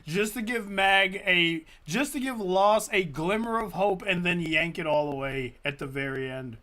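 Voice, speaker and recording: Bright, high-voiced man reacting live. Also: measured pace, a little hiss or hum. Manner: laughs often, repeats himself. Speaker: react streamer. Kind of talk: casual live reaction commentary.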